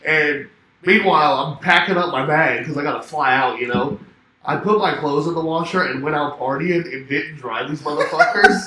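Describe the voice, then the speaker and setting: A man's voice: a little high, moderate pace, slight background noise. A young man telling a rambling party story in casual chat, swearing and laughing, acting out both sides of phone calls. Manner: swearing, laughing, animated anecdote with quoted dialogue. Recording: echoey room with faint ambience.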